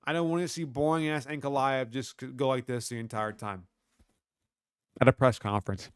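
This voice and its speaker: A man's voice: mid-range voice, fairly even intonation, moderate pace, clean tone, no echo, clean studio sound. Profane slangy man on a livestream. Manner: talks back to chat. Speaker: livestream host. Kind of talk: casual livestream chat reading comments.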